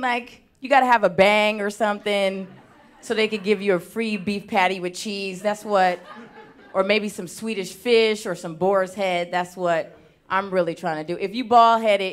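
A young woman doing a stand-up comedy set on a theater stage, talking with lively, animated swings in loudness. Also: medium pitch. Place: theater stage before a live audience.

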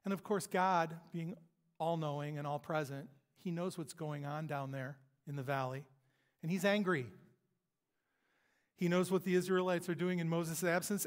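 A man preaching a sermon in a church, retelling scripture as a story with emphatic pauses. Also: on the high side. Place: church sanctuary. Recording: long hall reverb.

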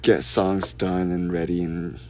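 In a laid-back live stream, a man reads out fan questions and then answers them quietly and slowly. He speaks low-pitched with a flat delivery, and there's a little hiss or hum in the audio.

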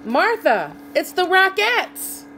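A woman's voice: a little high, animated, unhurried, fairly bright tone, faint music behind, pitched above the performer's own voice. A woman reading a storybook voices a patient male farmer who coaxes and reasons with his stubborn cow. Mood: cheerful. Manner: coaxing, pleading reasoning.

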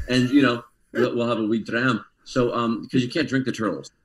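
Lively man telling a story. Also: mid-range voice, moderate pace, hardly any pauses, low-quality recording. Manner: animated storyteller, laughs often. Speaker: actor guest. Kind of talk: casual storytelling interview.

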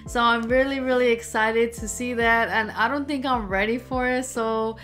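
A young woman hosting a reaction video, talking in an excitable, emotional, slangy way. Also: a little high, normal speed. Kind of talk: casual reaction commentary.

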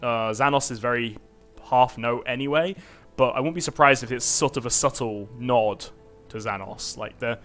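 A man's voice: mid-range voice, normal speed, fairly bright tone, faint music behind. A man streaming a computer role-playing game, giving rambling, self-mocking casual commentary full of fillers.

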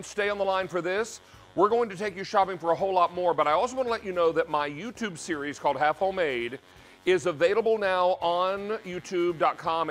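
A man's voice: high-pitched, fairly bright tone. A man hosting a live TV shopping cooking demo, with upbeat, salesy patter. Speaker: shopping channel host.

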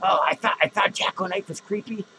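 A man doing a high, gravelly, foul-mouthed clown. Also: fairly even intonation, fairly quick, background noise. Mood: mocking. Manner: swearing, rambling, nervous outbursts. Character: foul-mouthed jittery male clown, paranoid and crude. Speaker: podcast host. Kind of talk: profane comedic rant to viewers. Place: podcast studio.

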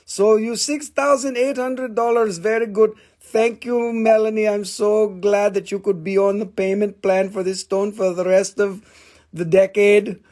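A man's voice: sits high, steady tone, measured pace, darkish tone. A man selling minerals on a casual live stream, joking, swearing and rambling as he talks. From Appalachian Valley, United States.

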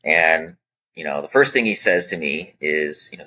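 A man's voice: rumbling low, normal speed. A man as a podcast guest, telling a military training story casually, acting out what people said with lots of "you know.". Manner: animated anecdote-telling, acting out quoted dialogue with many "you know" fillers. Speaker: podcast guest, former Air Force special operator.

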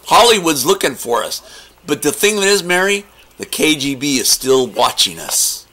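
A man making a prank call, rambling and joking in a deadpan way. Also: on the high side, normal speed. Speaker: comedy prank caller.

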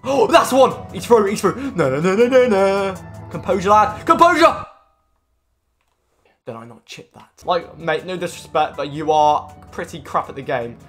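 A young man commentating his own football video game matches, excitable and swearing, often yelling at the players. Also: on the high side, normal speed, faint music behind. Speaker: gaming YouTuber. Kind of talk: live gameplay commentary.

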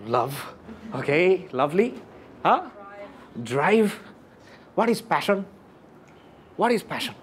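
A motivational speaker addresses a live audience in an animated, emphatic way. His pitch swings widely as he fires questions at the room and repeats his key phrases. Faint room ambience sits behind his voice. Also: slow, pauses often, slight background noise.

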